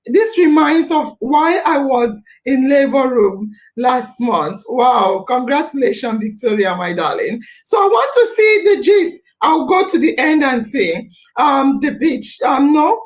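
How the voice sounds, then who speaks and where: A woman hosting a live talk show, emphatic and animated, repeating her phrases for effect. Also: high-pitched. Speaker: podcast host.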